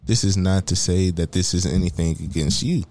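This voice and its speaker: A man's voice: sits low, brisk, a little mellow. A young man co-hosting a podcast, talking frankly and earnestly in casual chat, giving advice to a friend. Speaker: podcast co-host.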